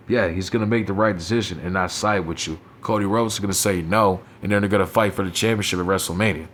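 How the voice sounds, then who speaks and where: Blunt, profane man with a low voice. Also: steady tone, quick pace, hardly any pauses, fairly bright tone, a little hiss or hum. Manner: blunt, profane, dismissive, leans on "you know what I'm saying". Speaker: wrestling show reviewer. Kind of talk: casual profane recap commentary.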